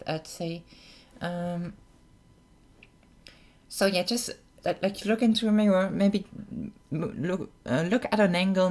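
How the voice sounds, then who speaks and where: A young adult giving a casual voice-training tutorial in a feminine voice, soft-spoken and hesitant, full of restarts and fillers. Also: mid-range voice.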